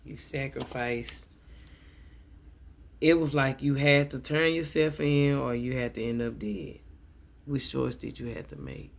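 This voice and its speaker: A woman's voice: extremely low pitch, expressive, unhurried, creaky, long pauses. A woman giving a tarot reading to her viewers, emotional and repeating affirmations as she speaks to them directly. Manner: addresses viewers as y'all. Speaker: tarot reader and coach.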